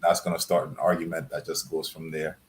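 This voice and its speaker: A man panelist on a live chat, easygoing, with halting starts. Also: extremely low pitch, little pitch movement, very noisy. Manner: hesitant, easygoing.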